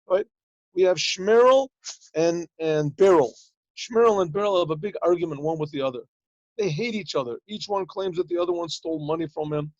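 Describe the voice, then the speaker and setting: Teaching Torah to a yeshiva class over video call, a man with a voice on the high side talks fairly quickly with no room sound. He explains in simple terms, translates Hebrew phrases along the way, and acts out small exchanges in his stories, all through slightly muffled, lo-fi audio.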